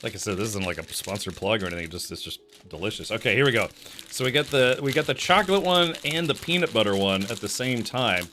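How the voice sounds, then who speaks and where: A man's voice: fairly low pitch, fast talker, slight background noise. A man streaming live, chatting casually with his chat while eating, laughing and murmuring with his mouth full. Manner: animated, laughing, savoring food aloud with mouth-full murmurs.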